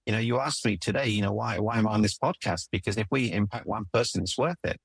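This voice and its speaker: Fast-paced and creaky, with a fairly low, slightly rough voice and no room sound, a middle-aged relationship coach relates personal anecdotes in an interview. His manner is earnest and emphatic, marked by frequent restarts.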